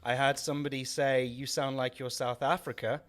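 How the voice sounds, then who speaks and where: A man's voice: medium pitch, little pitch movement, moderate pace, a bit bright. Rambling young man from North Wales. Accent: mixed, faintly Welsh with southern English traces. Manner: rambling, hesitant, many fillers and restarts. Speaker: podcast co-host. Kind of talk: casual chat.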